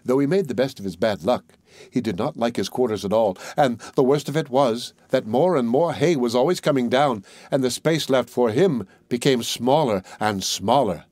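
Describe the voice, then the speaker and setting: A male audiobook narrator with a voice of ordinary middle pitch, telling a fairy tale in a measured, even way. The recording is close and dry, with no room echo. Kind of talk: storybook narration.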